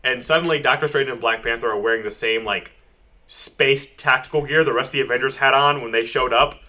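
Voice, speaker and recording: A man co-hosting a casual comic book podcast, recapping the story with lots of laughter and quick acted-out lines from the characters. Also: mid-range voice. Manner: animated, acts out characters' lines in quick voices. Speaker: podcast co-host.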